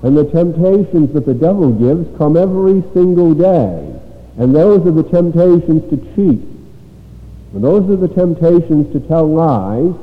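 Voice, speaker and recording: Man, preacher addressing children, slow dramatic storytelling, tinny lo-fi sound, long hall reverb. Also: on the high side, expressive. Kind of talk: sermon.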